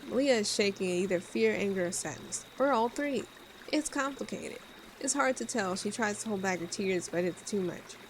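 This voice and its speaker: Young woman reading a visual novel out loud, joking around, mid pitch, faint hiss. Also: lively intonation, moderate pace. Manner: casual, joking asides. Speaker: game streamer.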